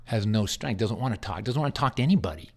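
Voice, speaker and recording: A man's voice: fairly low pitch, expressive, fast talker, creaky, darkish tone. A man who works as a hospice chaplain, telling stories in an interview in an earnest way, often stumbling and repeating his words. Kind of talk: conversational interview storytelling.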